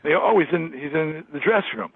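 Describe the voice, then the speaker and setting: A man's voice: a little high, expressive, fast talker, husky, no echo. A man in his sixties from Long Island, New York, telling a story in an interview, acting out other people's lines and laughing often. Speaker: guest, rock musician. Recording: dry, tinny phone line.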